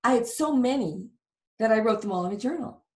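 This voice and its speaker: A woman's voice: fairly high pitch, expressive, fairly quick. A woman guest earnestly telling a personal story in a conversation. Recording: roomy, distant sound.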